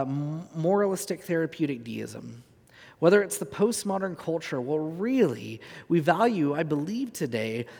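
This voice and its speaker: A man's voice: on the high side, creaky, a little mellow, husky. A man in his thirties, a pastor giving an earnest sermon in a conversational, filler-rich way. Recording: long reverb of a hall.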